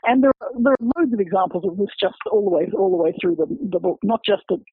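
Researcher guy explaining his book, highish raspy voice, sounds like a phone line. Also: lively intonation, quick pace. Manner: lecturing, walks through examples step by step. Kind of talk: explanatory academic interview talk. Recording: tinny phone-line audio.

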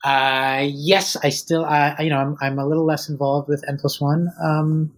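A man's voice: fairly high pitch, level tone, moderate pace, rough recording. A man in his thirties, an author being interviewed, talking casually and hesitantly with many ums and restarts. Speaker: author guest.

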